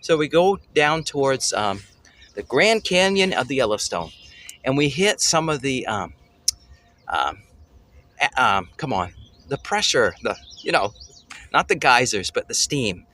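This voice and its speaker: Man, casual storyteller, bright tone, lively pitch, excitable, searches for words. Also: a little slow, pauses often, a little hiss or hum. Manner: excitable, gropes for words, exclaims "holy cow". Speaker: family travel show host.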